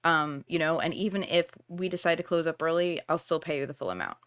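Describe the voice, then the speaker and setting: A woman's voice: low-pitched, brisk, fairly bright tone, clean tone. A middle-aged woman hosting a live stream, talking candidly and reassuringly with viewers, with lots of casual fillers. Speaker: tarot reader and workshop host.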